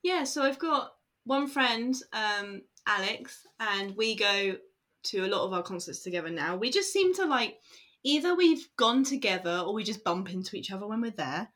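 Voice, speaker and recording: A woman's voice: medium pitch, lively intonation, normal speed, a bit bright. A woman talking casually in an interview, rambling with many fillers and bursts of laughter. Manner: chatty, lots of fillers and laughter. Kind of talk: casual chat.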